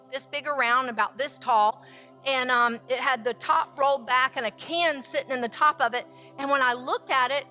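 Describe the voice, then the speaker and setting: A woman who is a food scientist, teaching with lively stories and rhetorical questions. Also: high-pitched. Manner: animated, acts out quotes, asks rhetorical questions. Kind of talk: teaching talk with storytelling.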